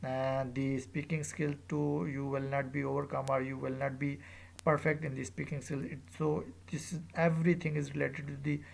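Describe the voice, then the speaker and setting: Gravelly, hesitant teacher lecturing students. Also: medium pitch, flat delivery. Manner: hesitant, repeats phrases with many fillers; drawn-out, emphatic example words.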